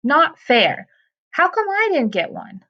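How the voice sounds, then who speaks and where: A woman reads an excitable young boy in a storybook, his voice pitched high and squeaky. He protests loudly at every turn. The recording is dull and lo-fi. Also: normal speed. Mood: indignant.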